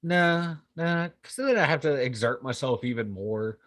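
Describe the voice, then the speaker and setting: A man's voice: mid-range voice, moderate pace, no echo. A man, co-hosting a casual podcast chat, sarcastic and self-deprecating. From western Pennsylvania. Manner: animated, sarcastic, self-deprecating, laughs often. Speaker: podcast co-host.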